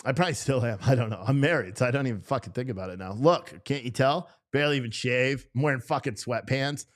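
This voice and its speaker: Reading through chat on his livestream, a man rants at the comments with lots of swearing, often cracking himself up in loose, unscripted talk. He speaks at a quick pace with a medium-pitched voice.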